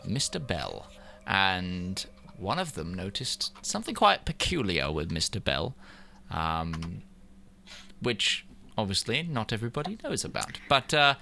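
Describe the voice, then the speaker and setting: A man's voice: fairly low pitch, bright, forceful tone, slight background noise. A British man running a tabletop game as game master over voice chat, rambling with many fillers and restarts.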